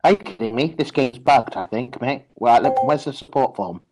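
Excitable young man trash-talking a game. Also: medium pitch, moderate pace, noisy background. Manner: swearing, excitable, teasing. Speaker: streamer. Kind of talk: casual gaming banter.

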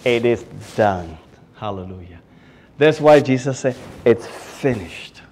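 A man preaching a sermon with passion, swinging from loud exclamations to hushed asides and often repeating words. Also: medium pitch, expressive, unhurried, slight background noise. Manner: repeats words and restarts phrases. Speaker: pastor.

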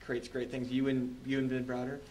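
Fast-talking joking male interviewer. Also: mid-range voice, completely flat delivery, a little mellow, slight background noise, poor audio. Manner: eager and joking. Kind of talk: casual interview chat.

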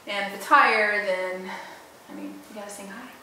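A woman's voice: mid-range voice, moderate pace, gravelly, bright, forceful tone, a little hiss or hum. A woman voice coach chatting with a student in an encouraging, casual way, recorded in a teaching studio. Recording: echoey room, distant mic.

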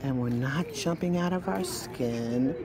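A woman's voice: very deep voice, a little slow, crowd noise. Woman praising her dog in soothing tones. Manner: soothing, praising, firm short commands to a dog. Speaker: dog trainer vlogging a training session. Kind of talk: casual vlog narration and talk to a dog. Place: outdoors by a public pool.

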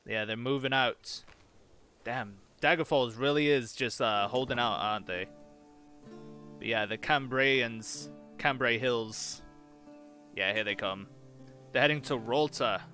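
A man with a bright, forceful voice talks his way through a strategy game, reading event texts aloud and tossing off casual asides to his viewers. Faint music plays under his commentary. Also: mid-range voice, unhurried, long pauses. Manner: casual, chatty, mutters reactions to the game. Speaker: gaming channel host.

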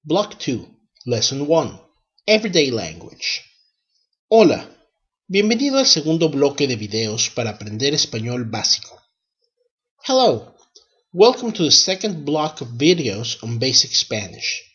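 A man narrating a scripted language lesson, sounding out words slowly and deliberately in pronunciation drills. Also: mid-range voice, very animated, a bit bright, slightly rough, highs cut off. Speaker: language teacher.

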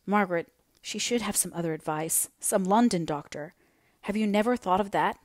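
A woman's voice: mid-range voice, normal speed, no room sound, studio quality, lightly acted. A woman reading the lines of an impatient, hearty young naval officer, the heroine's brother, in a story, urging and coaxing with energy. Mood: urgent.

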